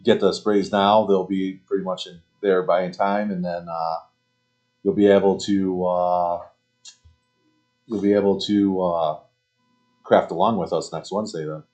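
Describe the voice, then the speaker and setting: Deep-voiced man co-hosting a craft demo. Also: steady tone, a little mellow. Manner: halting, asks questions, uh fillers. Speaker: craft shop co-host. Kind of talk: live product demo chat.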